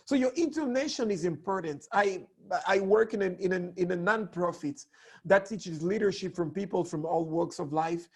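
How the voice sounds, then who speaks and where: A man teaching a lesson on public speaking, hoarse with a cracked voice, talking in an animated way that swoops between high and low tones. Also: normal speed. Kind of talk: online lesson.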